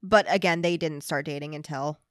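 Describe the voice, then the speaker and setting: Chatty female co-host, a bit low, dry close mic, loose rambling book talk. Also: no echo. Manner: chatty, restarts often, drawn-out asides. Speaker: podcast co-host. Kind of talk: casual book chat.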